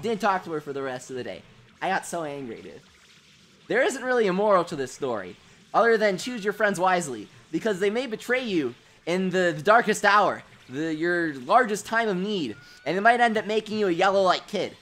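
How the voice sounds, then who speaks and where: A young man hosting a casual gaming livestream. He tells childhood stories in an animated way, says "dude" a lot and laughs at his own jokes. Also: sits high, fairly quick, soft background music. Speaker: livestream host.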